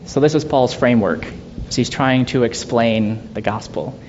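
A man leading a Bible study in a conversational way, asking rhetorical questions and laughing softly now and then. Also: moderate pace. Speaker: Bible teacher. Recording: dull lo-fi sound with faint rumble.

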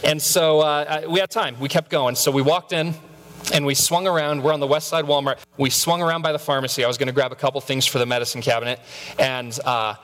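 In the long reverb of a large hall, a pastor in his thirties preaches a sermon, telling stories with self-mocking humor and stammered repeats. His voice is medium-pitched with a fairly bright tone.

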